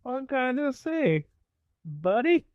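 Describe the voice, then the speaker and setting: A man's voice: very high voice, sing-song, a little slow, clear, resonant tone, no echo, highs cut off, voice pushed up, exaggerated voice. A man voicing a folksy small-town moonshiner who is chummy and wheedling and calls everyone buddy.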